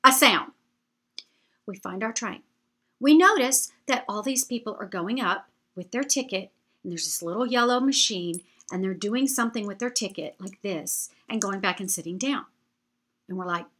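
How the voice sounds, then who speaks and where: A woman telling a travel story to her viewers in a chatty, animated way. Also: medium pitch, moderate pace. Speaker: vlogger. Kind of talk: storytelling travel anecdote to camera.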